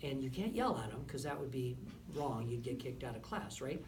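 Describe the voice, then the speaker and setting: Expressive and fairly quick, with a mid-range voice and some vocal fry, a music clinician works with a brass ensemble in a rehearsal room. He's encouraging and keeps asking "right?" and "okay?" after almost every point, recorded roomy and from afar with faint background noise.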